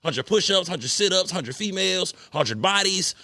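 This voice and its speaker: A man's voice: sits high, expressive, moderate pace, pushed and bright, no room sound, studio quality. A man hosting a podcast in loose, casual chat, swearing and asking "you know what I'm saying" again and again. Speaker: podcast host. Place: cigar lounge.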